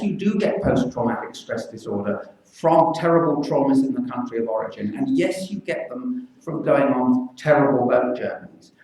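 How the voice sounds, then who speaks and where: An older man, a children's physician, speaking earnestly and with measured pauses to a public meeting. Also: a little high, a little mellow. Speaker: pediatric infectious disease physician. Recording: echoey hall, mic from far off.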